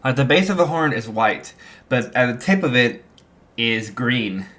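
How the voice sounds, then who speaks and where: Male storyteller, unhurried, rambling, filler-heavy improv narration. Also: medium pitch, animated, a bit bright. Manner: rambling, full of fillers and restarts. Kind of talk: improvised fan fiction narration.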